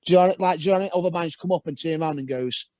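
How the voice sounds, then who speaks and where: A man's voice: fairly high pitch, very fast, a little mellow, no echo. A young man, a former footballer, talking casually as a podcast guest in a rambling storytelling way with frequent restarts.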